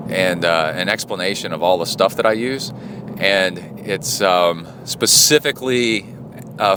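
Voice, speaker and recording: With background noise present, a low-pitched middle-aged man rambles casually in a spoken diary, heavy on fillers and restarts. He hosts a podcast and coaches triathlon, and he gets animated retelling stories.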